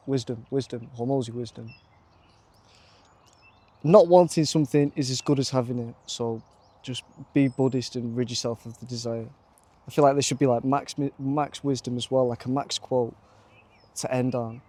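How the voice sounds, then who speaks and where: A young man with a Lancashire accent, vlogging to camera on a handheld camera, chatty and excitable and calling the viewer mate. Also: mid-range voice. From North West England. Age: young adult. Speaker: vlogger pitching to bars. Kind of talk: casual vlog to camera.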